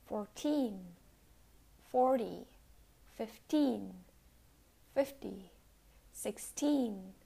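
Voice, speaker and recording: Woman teacher, American accent, slight vocal fry, careful over-articulated delivery. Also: on the high side, darkish tone. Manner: slow, deliberate, over-articulated example words. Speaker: pronunciation teacher. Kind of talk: scripted pronunciation lesson.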